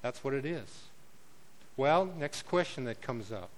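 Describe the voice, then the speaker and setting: A man preaching a sermon as pastor, swinging between loud declarations and quiet, conversational asides. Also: mid-range voice, expressive, measured pace, low-quality recording.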